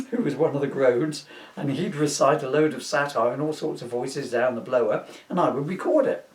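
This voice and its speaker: A plummy, self-important record producer put on by a man spins a rambling anecdote, his voice bouncing lively between high and low. The delivery is smug and rambling. It sits in an echoey room, picked up from a distance. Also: lightly acted. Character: posh male record producer, pompous and rambling. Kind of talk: comic reading of a parody book. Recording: roomy sound from away from the mic.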